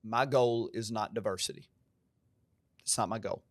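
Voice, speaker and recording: On a podcast, a pastor with an American country twang speaks earnestly and with emphasis, sounding like a preacher. His voice sits lowish and creaky at a normal speed, recorded with no room sound.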